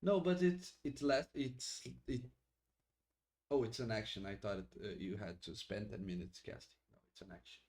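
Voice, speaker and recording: A man running a tabletop game as game master, narrating in a halting way with frequent restarts. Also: lowish voice, a little mellow.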